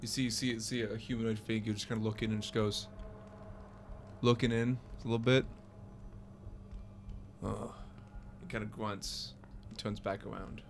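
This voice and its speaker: A man's voice: fairly low pitch, level tone, brisk, a little hiss or hum. A man narrating as game master in a casual, stumbling way. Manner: casual, stumbling over restarts.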